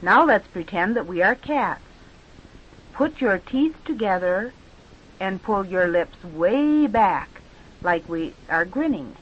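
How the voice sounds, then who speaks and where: A woman teacher leading children through movement and speech exercises with slow, patient, drawn-out instructions. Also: medium pitch, expressive. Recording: dull lo-fi recording.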